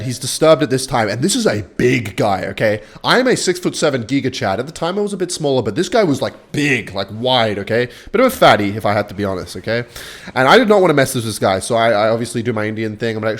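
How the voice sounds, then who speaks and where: Excitable young man narrating gameplay. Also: mid-range voice, quick pace. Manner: excitable, chatty, swings between hype and muttering. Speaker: gaming YouTuber. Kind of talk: live gameplay commentary with storytelling.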